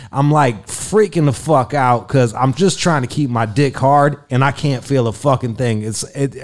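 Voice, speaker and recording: A man tells a story in loose podcast chat. His voice sits at an ordinary middle pitch. His delivery is rambling, animated and comic, full of fillers and swearing. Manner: profane, rambling, lots of fillers.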